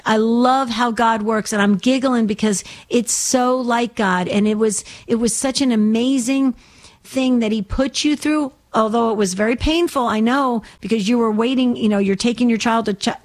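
A woman hosting a Christian call-in radio show, talking to a caller in an effusive way, often repeating words and restarting. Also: fairly high pitch.

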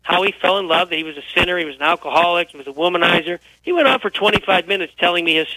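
A man who is feeling unwell, a guest telling lively anecdotes on a radio interview. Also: high-pitched, racing, no room sound, poor audio. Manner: animated, tells anecdotes with quoted dialogue. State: unwell, feels physically poor. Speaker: guest author.

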